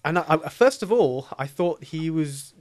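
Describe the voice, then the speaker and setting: A man's voice: a little high, expressive, moderate pace. A man co-hosting a film review podcast in casual chat, teasing and rambling with many fillers.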